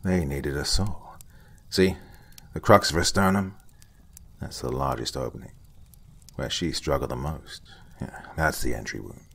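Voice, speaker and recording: A man playing an older, blunt forensic investigator who lectures in short, curt sentences with a husky voice. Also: very deep voice, unhurried, full character voice. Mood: curt, lecturing. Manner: blunt, curt, lecturing, some lines whispered. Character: gruff veteran male forensic investigator, blunt.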